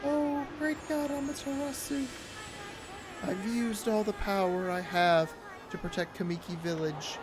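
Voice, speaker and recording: A woman's voice: medium pitch, steady tone, measured pace, natural voice. Woman voicing a solemn tree spirit. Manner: solemn, reverent. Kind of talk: reading game dialogue aloud. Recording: game music behind.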